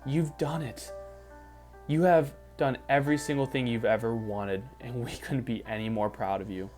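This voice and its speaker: A man leading a guided visualization as a motivational speaker, emphatic and repetitive, rising to excited peaks. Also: mid-range voice, moderate pace. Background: faint background music.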